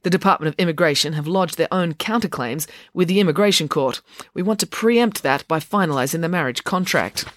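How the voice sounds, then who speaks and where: A storybook narrator voicing a crisp, efficient female lawyer who speaks in a curt, businesslike way. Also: mid-range voice, fairly quick, a bit bright, no echo, close to an everyday voice.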